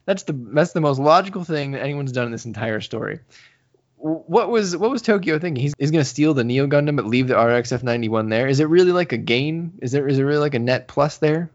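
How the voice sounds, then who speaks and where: A man's voice: a little high, fast talker. A man co-hosting a podcast, casually recapping a manga and acting out the characters' lines. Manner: animated storytelling, acts out characters' lines. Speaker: podcast co-host. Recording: slightly dull lo-fi audio.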